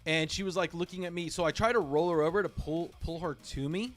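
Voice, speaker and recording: A man's voice: a little high, fairly quick, fairly bright tone, faint music behind. A man hosting a livestream, telling a personal story in a rambling way, correcting himself often and using lots of fillers. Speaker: livestream host. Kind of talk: emotional personal story on stream.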